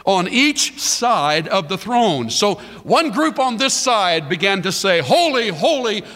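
Bright lively preacher guy, slow and dramatic, big echoey church hall. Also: high-pitched. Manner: dramatic, swings between hushed and shouted. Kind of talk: sermon. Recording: long reverb of a large hall.

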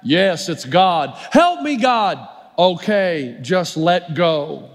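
A male preacher voicing God in a lower, slow, firm voice, with long hall reverb. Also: expressive, full character voice. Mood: calm. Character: God, calm deep commanding male voice.

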